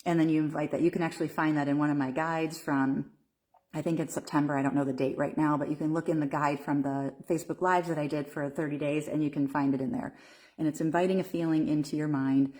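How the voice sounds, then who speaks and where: A woman's voice: low voice, darkish tone. A woman coaching viewers during a live video stream, talking casually with frequent fillers and restarts. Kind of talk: Facebook Live talk.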